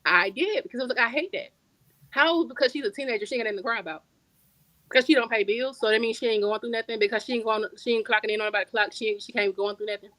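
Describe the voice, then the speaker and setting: A woman guest author chatting casually on a podcast, telling stories in relaxed slang and repeating words for emphasis. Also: a little high, racing, dry recording, rough recording. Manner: storytelling, conversational slang.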